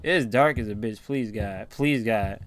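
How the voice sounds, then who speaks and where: A man giving jittery, swearing commentary while playing a horror game, muttering one moment and yelling the next. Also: on the low side, normal speed. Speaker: gaming video creator.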